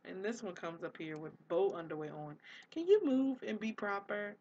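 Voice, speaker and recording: A woman hosting a casual gameplay commentary, excitable and gushing, slipping into quoted voices for the characters. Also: medium pitch, slow, slight background noise. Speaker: let's play host.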